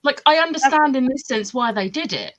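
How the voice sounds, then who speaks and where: A woman's voice: high voice, animated, brisk, a bit bright, lo-fi sound, a little hiss or hum. A woman with a light London accent, chatting casually with friends about books and laughing easily. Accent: mild London. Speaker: book club guest. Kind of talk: casual chat.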